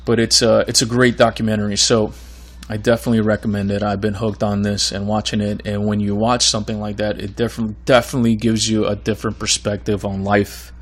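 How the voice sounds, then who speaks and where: Hoarse man hosting a solo podcast. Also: lowish voice. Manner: rambling, earnest, many fillers and restarts. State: losing his voice. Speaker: podcast host. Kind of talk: casual solo podcast monologue.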